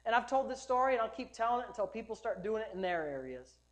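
A male pastor preaching a sermon at a church service, emphatic and repetitive, building up to loud declarations. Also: high-pitched, big pitch swings, quick pace.

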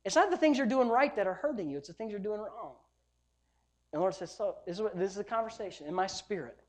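A man, a pastor preaching a sermon, telling stories with loud bursts and hushed asides. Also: high-pitched, fast talker. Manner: animated storytelling, swings between loud bursts and hushed asides.

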